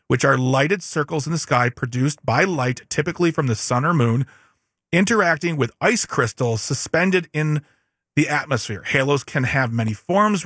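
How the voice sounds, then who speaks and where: Higher-voiced man reading headlines with jokes. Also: a bit bright, no echo, studio quality. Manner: joking, reads with asides and stumbles. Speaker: podcast co-host. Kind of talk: casual chat, reading headlines aloud.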